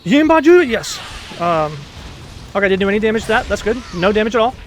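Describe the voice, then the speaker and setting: A man hosting a casual let's play, excitable, cursing and hooting at the game. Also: sits high, fast talker, a little hiss or hum. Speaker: gaming channel host.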